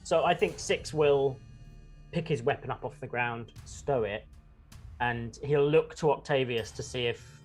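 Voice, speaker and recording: Guy at a tabletop game thinking out loud, chatty, middle pitch. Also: a little slow, soft background music. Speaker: player.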